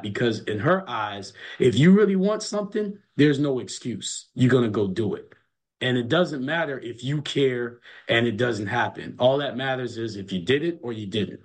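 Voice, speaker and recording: Middle-aged coach guy telling stories, emphatic, keeps repeating words to drive it home. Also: mid-range voice. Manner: emphatic storyteller, repeats words as he builds a point. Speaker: college basketball coach. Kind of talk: casual interview chat.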